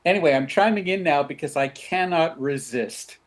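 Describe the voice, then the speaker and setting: A man chatting as a guest on a talk show, telling a story in a relaxed way. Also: a little high, moderate pace. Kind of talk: casual chat.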